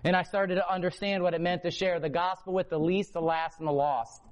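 A man with a high, bright voice delivers a sermon testimony to a congregation. He preaches with passion, dropping to a hush and then rising to loud emphasis. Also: steady tone, brisk. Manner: impassioned, swings from low hush to loud emphasis. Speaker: prison ministry preacher. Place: hotel or church meeting room before a congregation.

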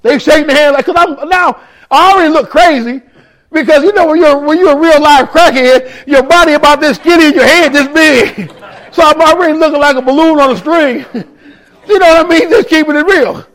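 High-voiced man preaching an emotional testimony. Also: a little fast. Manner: raw, emotional storytelling with a street-casual delivery, rising to shouts; addresses listeners directly in the room. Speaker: ministry speaker giving testimony. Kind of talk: testimony sermon to a congregation.

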